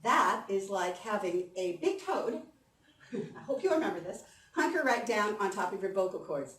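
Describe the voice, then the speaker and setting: A woman voice coach giving an animated, encouraging conference workshop and leading the audience through exercises. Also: medium pitch, normal speed. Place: conference hall. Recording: echoey hall, mic from a distance.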